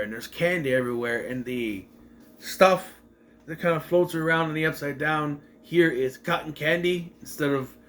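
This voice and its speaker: Man reviewing an episode, higher voice with a very bouncy pitch, loose and rambling, stops to correct himself. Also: fairly bright tone. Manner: rambling, self-correcting, acts out scenes while retelling. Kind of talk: casual recap and review.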